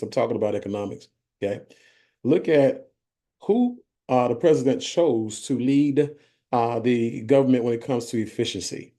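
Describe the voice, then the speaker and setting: Dude presenting a business opportunity, mellow dark voice, keeps saying okay. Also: male voice, medium pitch. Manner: conversational, checks in with "okay?". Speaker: company vice president presenting.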